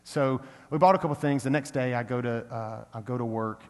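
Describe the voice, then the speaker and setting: An earnest male pastor speaks at an ordinary middle pitch, mixing a casual storytelling tone with bursts of emphatic preaching. His voice rings out with the long reverb of a large church hall. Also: a little fast. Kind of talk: sermon with personal story.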